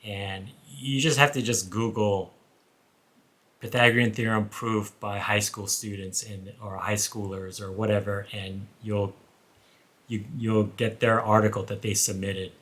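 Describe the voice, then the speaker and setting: A man who once taught high school math, co-hosting a casual chat and rambling with frequent restarts. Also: flat delivery, unhurried, fairly bright tone. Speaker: former high school math teacher, co-host.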